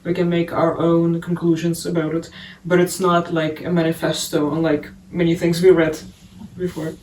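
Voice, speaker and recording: A male podcast co-host with a high, level voice, calmly explaining his view in a casual chat about a book. He is set back from the mic, and the room around him echoes. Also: normal speed, slight background noise. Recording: roomy, distant mic.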